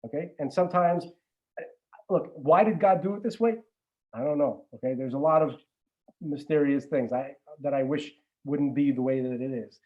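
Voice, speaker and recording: A regular podcast guest chats casually, rambling with many restarts and some swearing. His voice is fairly high-pitched at a normal speed, with phone-quality sound.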